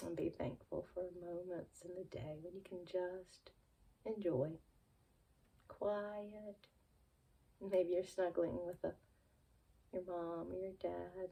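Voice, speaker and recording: Woman, children's calm-time presenter: very slow, husky and soft, sighs and slips into whispers. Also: on the low side. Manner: slow, soft, sighing and yawning, drifting into whispers. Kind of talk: soothing children's relaxation lesson.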